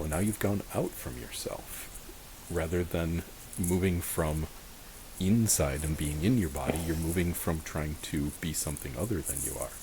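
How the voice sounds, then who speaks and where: Deep-voiced man hosting a reflective talk. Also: moderate pace, dark tone, slight background noise, poor audio. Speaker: podcast host. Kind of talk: reflective podcast conversation.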